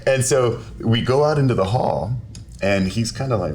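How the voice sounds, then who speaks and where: A man, a lawyer, telling a story in a casual podcast interview, animated and quick to laugh while acting out quotes. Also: lowish voice, slight background noise. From South Texas. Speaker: personal injury lawyer, podcast guest. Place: podcast studio.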